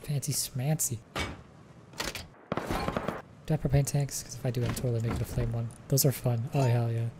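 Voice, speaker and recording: A woman giving live gameplay commentary as a streamer, excitable, swearing and laughing often. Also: extremely low pitch, fairly quick, pauses often, heavy background noise. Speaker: gaming streamer.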